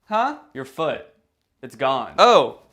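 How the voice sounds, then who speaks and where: A man's voice: a little high, sing-song, slow, fairly bright tone, exaggerated voice. A man voicing a pale, bleeding male zombie who eagerly pleads to play a game, in a comedy sketch. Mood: innocent. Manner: pleading, innocent, overexcited.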